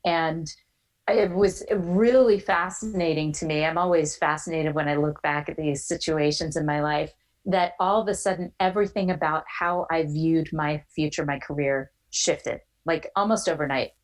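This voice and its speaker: A woman in her forties telling a personal story as a podcast guest, animated and quick to act out the voices of others. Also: low voice, low-quality recording.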